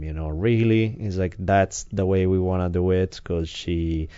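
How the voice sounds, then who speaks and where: A man's voice: low-pitched, steady tone, unhurried, hardly any pauses, mellow, clean tone. A man co-hosting a podcast, talking candidly in casual chat, self-deprecating and swearing freely. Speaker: podcast co-host. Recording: slightly dull lo-fi sound.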